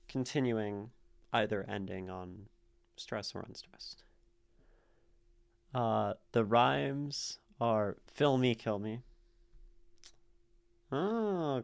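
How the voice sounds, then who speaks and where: Slow, clear-voiced man thinking aloud. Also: mid-range voice. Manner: slow, thinking aloud, reading verse lines aloud. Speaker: streamer analyzing poetry. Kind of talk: casual poetry analysis on a live stream. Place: streaming room.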